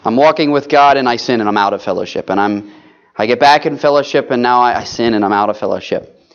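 Earnest preacher, dull lo-fi sound. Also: male voice, mid-range voice, quick pace. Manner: earnest, pleading, addresses listeners as folks. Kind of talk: sermon.

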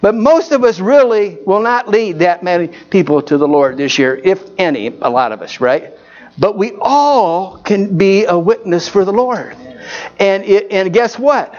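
A man's voice: high voice, a little mellow, muffled recording. A man preaching a folksy Baptist sermon, telling stories and repeatedly asking his congregation for an amen.

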